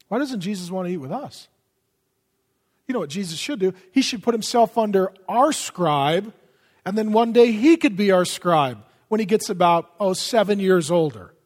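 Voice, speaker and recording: A high-voiced man preaches with lively energy, jumping from loud bursts to near-whispers. His voice rings out with a long echo from a big hall. The delivery is a pastor's sermon, punchy and conversational. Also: moderate pace, long pauses. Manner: animated, swings from loud to hushed. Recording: long reverb of a large hall.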